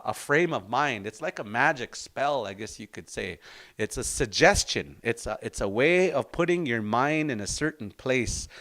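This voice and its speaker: A man teaching an informal language class in an unhurried, reflective, storytelling way. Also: a little high, a bit bright.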